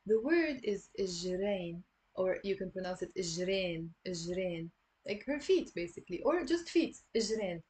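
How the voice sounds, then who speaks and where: A young woman with a Lebanese accent giving an online Arabic lesson, patiently repeating words slowly for learners. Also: medium pitch, darkish tone.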